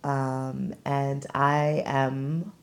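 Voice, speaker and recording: A woman's voice: extremely low pitch, level tone, very slow. A woman from Brooklyn, New York, hosting a casual podcast and chatting about her background, now and then dropping into patois phrasing. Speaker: podcast host.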